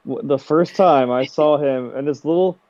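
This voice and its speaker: A man's voice: fairly high pitch, normal speed, a little mellow, no room sound. A man on a casual podcast, talking in a profane, rambling and sarcastic way, with a dull, dry sound. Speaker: co-host.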